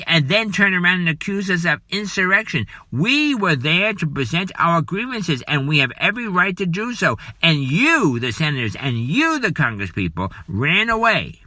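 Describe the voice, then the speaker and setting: A man's voice: a little high, very animated, normal speed, few pauses, pushed and bright, dry recording. A man hosting a podcast, giving an indignant, repetitive political monologue and scolding. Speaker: podcast host.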